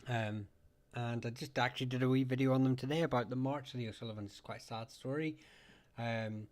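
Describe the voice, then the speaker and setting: A man's voice: medium pitch, fairly even intonation, fairly quick. Chatty Northern Irish man. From Northern Ireland. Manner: rambling, chatty, laughs often. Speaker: livestream host. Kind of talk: casual live chat.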